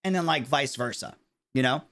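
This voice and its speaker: A man's voice: medium pitch, moderate pace, a bit bright. A man with a New York accent giving casual livestream commentary, rambling and searching for his words. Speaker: streamer.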